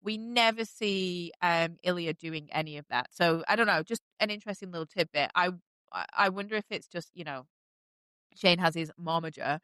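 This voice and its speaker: Chatty woman with a smooth, low voice. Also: normal speed, pushed and bright, dry recording. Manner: chatty and enthusiastic, many fillers. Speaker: podcast host. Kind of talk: casual recap chat.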